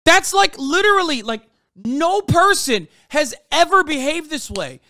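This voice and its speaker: A man's voice: very high voice, big pitch swings, measured pace, pushed and bright, dry recording, studio quality. A man streaming live, reacting to news clips with heated, profane rants.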